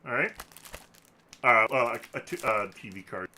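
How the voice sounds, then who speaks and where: Male podcast host, casual chat, lively pitch, bright tone, joking, rambling. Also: normal speed, slight background noise. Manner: joking, rambling, laughs often. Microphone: desk microphone.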